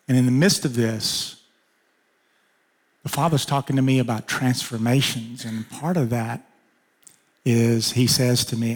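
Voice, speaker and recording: A man's voice: moderate pace, long pauses, long reverb tail. A male pastor preaching a sermon, telling a personal story and acting out conversations. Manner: personal storytelling, acting out dialogue with sudden pitch jumps.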